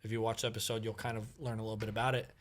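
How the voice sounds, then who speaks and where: A man telling a long story as a podcast guest in casual conversation, animated and full of fillers. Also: fairly low pitch, racing. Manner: animated, acts out quoted dialogue, many fillers.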